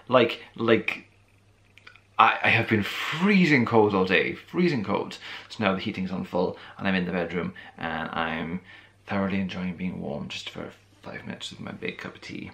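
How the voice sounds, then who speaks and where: A man from Wales with a deep, gravelly voice talks in a friendly, rambling way, like a relaxed catch-up over tea. He is tired and losing his voice after a long day. He is recording on a camera mic in his bedroom. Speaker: vlogger. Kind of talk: casual chat.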